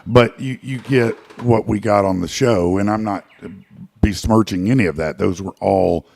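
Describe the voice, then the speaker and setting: Deep gravelly man, rambling. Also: moderate pace, darkish tone. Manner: rambling, many fillers and restarts. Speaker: guest musician. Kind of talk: casual interview chat.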